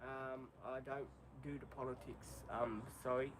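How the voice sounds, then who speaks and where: A man's voice: medium pitch, fairly even intonation, measured pace, background noise. An Australian man hosting a live stream, chatting in an easygoing, rambling way with many ums. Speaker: livestream host. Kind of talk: casual live stream chat.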